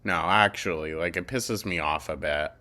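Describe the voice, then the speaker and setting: A man's voice: sits low, moderate pace, sharp tone. A man hosting a reaction commentary, blunt and sarcastic, cutting in with exasperated remarks. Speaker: commentary host.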